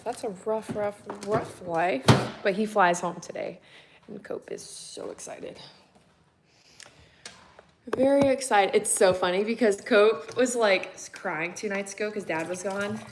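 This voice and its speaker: A woman's voice: lowish voice, slight background noise. A woman in her thirties, a mother of three boys, chatting casually and rambling to viewers from her kitchen with a phone mic while doing chores, laughing often. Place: home kitchen.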